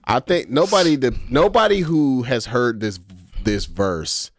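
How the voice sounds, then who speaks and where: A man co-hosting a casual podcast, ranting in an animated way with plenty of profanity and laughter. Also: medium pitch, a little slow, no room sound, clean studio sound. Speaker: podcast co-host.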